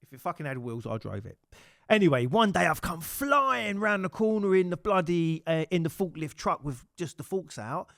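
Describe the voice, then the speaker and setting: A man's voice: high voice, moderate pace, gravelly, dry recording, clean studio sound. A man hosting a casual chat, telling swear-laden stories with acted-out quotes. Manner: swears freely, animated storytelling with acted quotes. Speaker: podcast host.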